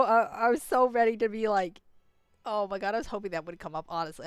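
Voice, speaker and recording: A woman's voice: mid-range voice, fast, clean tone, no echo. A young woman ranting casually as she plays through a story game, exasperated and full of fillers. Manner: exasperated, ranting, heavy use of "like". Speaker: gaming streamer. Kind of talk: casual game playthrough commentary.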